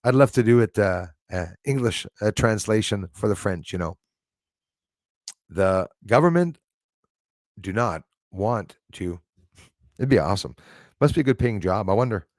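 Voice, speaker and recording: A man's voice: fairly low pitch, lively intonation, a little slow, pauses often, a little mellow, no echo, studio quality. A man in his forties hosting a live stream, chatting loosely and chuckling often as he answers viewer comments. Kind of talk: casual chat reading viewer comments.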